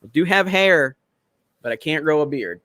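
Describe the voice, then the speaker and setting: A man's voice: a little high, lively intonation, moderate pace, fairly bright tone, no echo, studio quality. A man hosting a live stream, chatting casually and bantering with viewers in a brash, profane way.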